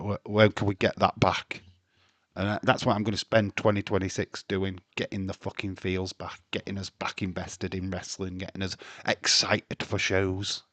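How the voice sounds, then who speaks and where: A man's voice: lowish voice, fairly bright tone, no room sound. A man hosting a wrestling livestream, chatting casually and ranting with plenty of swearing.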